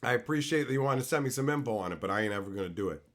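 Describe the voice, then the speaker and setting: A young man from Canada, a streamer reading his live chat and ranting in loud, profane, mock-outraged bursts. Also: mid-range voice, animated, very fast. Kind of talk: casual rant to live chat.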